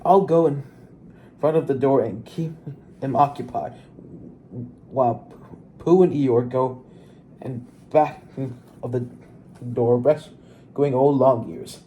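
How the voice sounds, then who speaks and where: A man's voice: medium pitch, slow pace, pauses often, warm tone, a little hiss or hum, close to an everyday voice. A man voicing a cheerful, bouncy storybook tiger with a boisterous, playful manner. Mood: eager.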